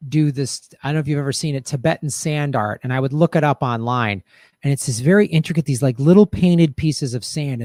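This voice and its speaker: Man, show host, casual rambling commentary, fairly high voice, dry close sound. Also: darkish tone, no echo. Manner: rambling, reflective, frequent fillers and restarts. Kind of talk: casual commentary to live chat.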